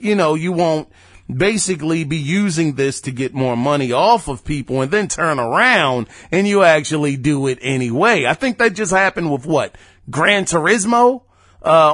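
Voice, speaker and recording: A man's voice: on the high side, no room sound, studio quality. A man hosting a podcast, chatting casually and emphatically about gaming news, sometimes reading out quotes. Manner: animated, chatty, emphatic asides. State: hiccuping. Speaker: podcast host.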